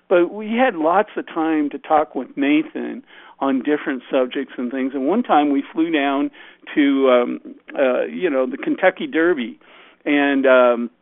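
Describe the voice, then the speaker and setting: A man's voice: on the high side, no echo. Rambling male radio host, tinny. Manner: rambling, lots of fillers. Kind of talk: casual radio talk. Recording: tinny phone-like, dry.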